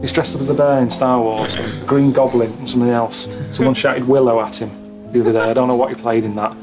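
Guy in his late 30s, flat dry moaning, music going loud behind. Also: mid-range voice, fast. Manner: dry, complaining, blunt. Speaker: traveller on a comedy travel show. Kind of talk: deadpan grumbling.

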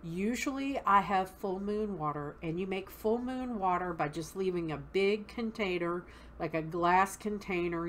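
Southern woman, lowish voice, unhurried teacher, faint hiss behind. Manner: patient, explains step by step with frequent "okay?". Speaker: witchcraft teacher. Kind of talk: casual instructional talk.

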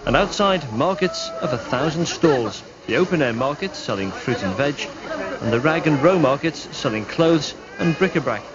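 A man reporting and narrating a television news special in a measured, scripted way. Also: a little high, crowd noise. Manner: measured, even reporting delivery. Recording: dull late-1990s TV broadcast audio.

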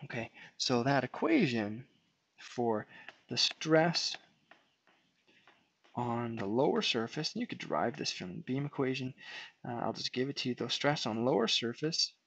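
A man's voice: medium pitch, animated, measured pace, creaky, a bit bright, husky, dry recording. A man giving an unscripted whiteboard lecture, explaining step by step as he draws and often restarting his phrases. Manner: unscripted, restarts and fillers while drawing. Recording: dull lo-fi sound.

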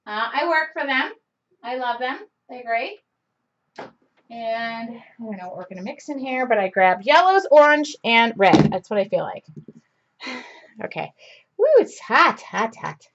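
A woman's voice: on the high side, animated, a little slow, long pauses, fairly bright tone, muffled recording, slight background noise. A middle-aged woman teaching a live-streamed painting session in a chatty, rambling way, laughing often. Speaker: art instructor.

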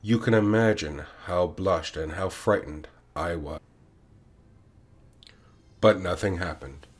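A man reading a classic short story aloud in the first person, unhurried and expressive. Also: low-pitched, breathy edge.

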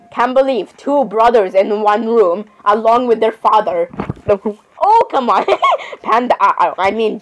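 A woman's voice: on the high side, low-quality recording. A young woman in cosplay, rambling and bantering back and forth as she switches between characters. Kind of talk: cosplay skit reacting to videos.

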